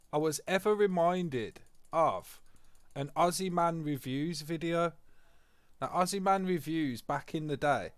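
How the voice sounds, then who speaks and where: A man giving live commentary on his sim racing, excitable and sweary, swinging between mutters and loud outbursts. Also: fairly high pitch, dry recording.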